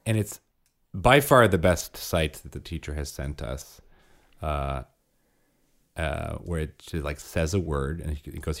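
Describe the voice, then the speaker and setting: A man in his thirties co-hosting a podcast, chatting in a relaxed, storytelling way. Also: extremely low pitch, a little slow, vocal fry. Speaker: podcast co-host. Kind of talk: casual chat.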